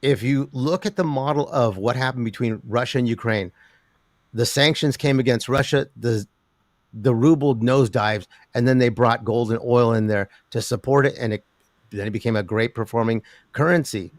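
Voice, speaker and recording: A man's voice: mid-range voice, moderate pace, dry recording. Rambling older man, dry close sound. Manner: rambling, animated, many restarts and laughs. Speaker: precious metals commentator. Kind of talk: interview guest.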